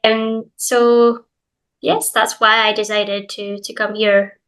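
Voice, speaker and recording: A young Scottish woman from Glasgow, with a light Glaswegian accent, speaks at a slow pace in a medium pitch with a level tone and a slightly bright quality. She's an English teacher appearing as an interview guest, chatting casually and full of hedges and fillers. The audio quality is poor.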